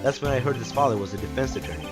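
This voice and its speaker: A man voicing a young lawyer quietly recounting a childhood memory in a game. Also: medium pitch, racing, loud music behind the voice, natural voice. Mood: wistful.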